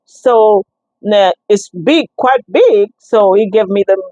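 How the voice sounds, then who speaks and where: A woman giving a personal testimony, telling her story in an animated, expressive way, with many restarts and acted-out exchanges. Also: mid-range voice, slow, no echo, muffled recording. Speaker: guest sharing a testimony.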